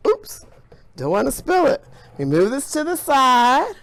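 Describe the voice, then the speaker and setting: An enthusiastic woman science teacher talks through a colorful hands-on demonstration. Her voice swings widely in pitch, and she speaks slowly with a gravelly edge. She keeps her tone cheerful and encouraging throughout. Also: huge pitch swings, slight background noise.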